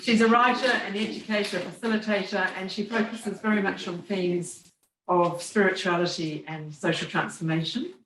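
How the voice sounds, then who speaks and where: A woman's voice: mid-range voice, fairly even intonation, normal speed, fairly bright tone. A woman host introducing a guest speaker to an audience. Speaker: event host. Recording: echoey room, mic from a distance, faint noise.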